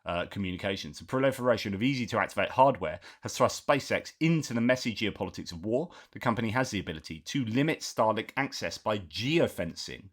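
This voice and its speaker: Low-voiced man reading war news. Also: lively intonation, a little fast, hardly any pauses. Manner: reads articles aloud with frequent asides and filler words. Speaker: news commentary host.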